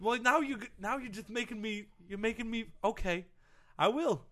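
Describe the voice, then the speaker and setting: A man in a comedic talk segment, rambling through gossip with deadpan jokes. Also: extremely high pitch, moderate pace. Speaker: comedy panel guest. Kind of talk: comedic improvised banter.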